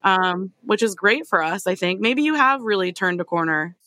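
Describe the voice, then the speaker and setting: A woman hosts a casual podcast chat, gushing about colleagues and tossing in quick asides. Her voice is bright and forward, heard close and dry. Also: mid-range voice, animated, no room sound. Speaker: podcast host.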